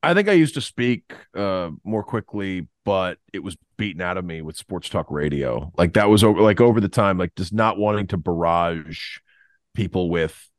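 A man, a podcast co-host and former play-by-play broadcaster, talking in casual chat with a slow, level, deliberately restrained delivery. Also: low-pitched, expressive, dry recording, clean studio sound.

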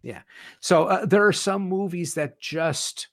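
Gravelly-voiced man, animated and enthusiastic. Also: high voice, a little slow, no echo, studio quality. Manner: enthusiastic, animated, swears casually. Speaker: guest, horror author and podcast host. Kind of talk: casual conversation.

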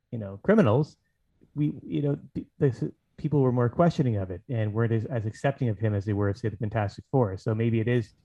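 A man's voice: mid-range voice, warm tone, muffled recording. A man hosting a casual podcast chat, thinking aloud and rambling with fillers. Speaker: podcast host.

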